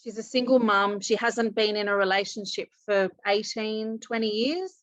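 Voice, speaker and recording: A woman self-love coach, guest in a casual interview, retelling a story with lively quoted dialogue. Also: mid-range voice, normal speed, dry recording, low-quality recording.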